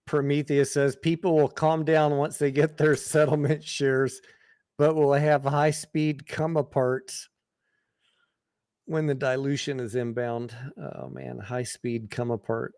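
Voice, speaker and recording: A man's voice: on the high side, level tone, slow pace, darkish tone, smooth, no room sound, clean studio sound. A man hosting a casual live stream, reading chat aloud in a laid-back, joking way.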